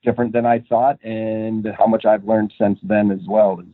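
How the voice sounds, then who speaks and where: Appearing as a guest in a casual interview, a young Minnesota actor rambles along, full of fillers and laughter. He speaks at normal speed in a fairly low voice with a level tone, over a tinny, phone-like line that is dry and has no echo.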